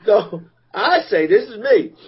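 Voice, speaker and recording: A man's voice: sits high, big pitch swings, unhurried, slightly rough, dull audio. A man on a talk show casually telling a crude work anecdote, stumbling over his words. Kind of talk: casual chat.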